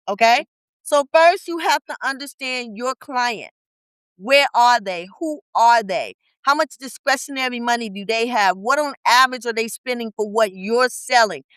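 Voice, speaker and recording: A woman's voice: fairly high pitch, fairly bright tone, clear, resonant tone, dry recording, poor audio. A woman business coach talking in a podcast interview, blunt and colloquial, firing off rhetorical questions with emphasis. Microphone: podcast studio mic.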